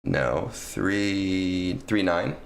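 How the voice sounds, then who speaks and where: A man's voice: low voice, expressive, drawn-out words, creaky. A man streaming a game, chatting casually with viewers in a rambling way full of fillers. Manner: rambling, filler-heavy, talks to chat. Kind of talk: casual gaming stream chat.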